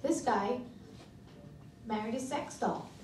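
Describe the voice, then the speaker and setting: A middle-aged woman doing a stand-up comedy routine, delivering brash, deadpan one-liners in a comedy club. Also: on the high side, slow pace. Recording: echoey club from far off with noise.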